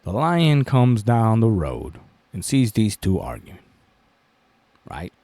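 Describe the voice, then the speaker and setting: A man's voice: fairly low pitch, huge pitch swings, slow, darkish tone, no echo. A man hosting a commentary channel, telling a fable in a profane way, often asking "right?" and chuckling. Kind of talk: storytelling commentary.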